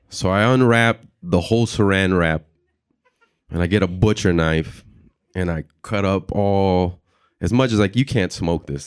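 Deep-voiced man telling a stand-up story. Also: clean tone, no echo. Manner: animated, acts out voices and reactions. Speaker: stand-up comedian.

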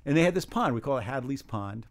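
Older guy in his 70s from new york, rambling and wry, pokes fun at himself, even mid-pitched voice. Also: quick pace. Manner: rambling, wry, self-deprecating, with restarts and chuckles. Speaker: guest, humor writer. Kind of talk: casual interview chat.

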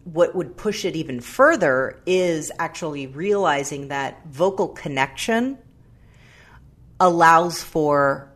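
A woman's voice: low voice, lively intonation, slow, a bit bright. A woman guest on a radio interview, talking reflectively and stopping to search for words. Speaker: guest, writer and actor.

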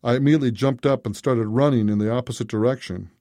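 A man narrating a first-person story in a steady, unhurried way. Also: mid-range voice, no room sound.

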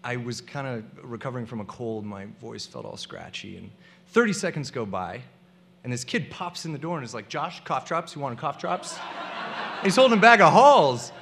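A man's voice: medium pitch, very animated, brisk, creaky, fairly bright tone, a little hiss or hum. A young man telling a comic personal story to a live audience, acting out the people he quotes.

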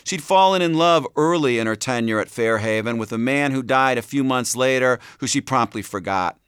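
A man reading a novel as an audiobook narrator, in a steady storytelling manner. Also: medium pitch, normal speed, clean tone, no echo, studio quality. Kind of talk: scripted narration.

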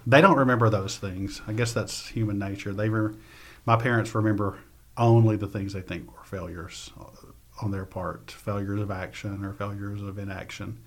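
A man reading his poetry and telling stories in an interview, soft-spoken and often trailing off. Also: on the low side, fairly even intonation, normal speed. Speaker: poet and interview guest.

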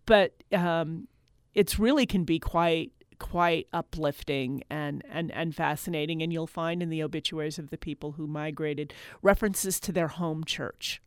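A woman's voice: low-pitched, a little slow, smooth, no echo, studio quality. A middle-aged woman, a folklorist guest on a radio interview, speaking thoughtfully and often repeating words while she searches for them. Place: radio studio. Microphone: studio microphone.

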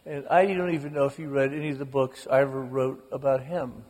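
A man in his sixties, an author telling wry, animated stories in an interview on stage before a live audience. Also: mid-range voice, brisk. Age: 60s. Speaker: author guest. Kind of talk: humorous storytelling interview. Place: onstage in a large auditorium. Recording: live auditorium echo.

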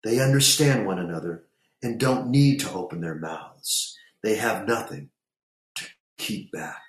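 A man voicing a calm, patient mother. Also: lowish voice, unhurried, echoey room, lightly acted. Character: calm, wise mother of a young boy.

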